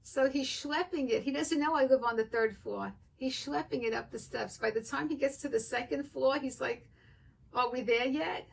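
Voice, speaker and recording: Older woman, wig vlogger, gravelly, chatty storyteller, slightly high voice, mic a little far. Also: normal speed, hardly any pauses. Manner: chatty, animated, acts out both sides of the story. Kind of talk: casual storytelling to viewers.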